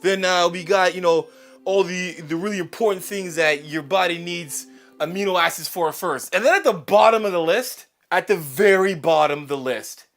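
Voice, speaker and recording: A rambling delivery guy with a put-on New Jersey accent, as a man plays him, drawling through his list with lots of "uh" fillers. The voice sits high, and faint music plays underneath. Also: close to an everyday voice. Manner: rambling, filler-heavy ("uh"), streetwise. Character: male delivery worker, New Jersey, easygoing.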